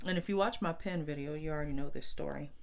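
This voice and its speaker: Lady crafter rambling thru family stories, lowish voice, acts out everybody's lines. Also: fast, gravelly. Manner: animated, acts out family members in quoted dialogue. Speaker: craft vlogger. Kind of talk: casual storytelling chat.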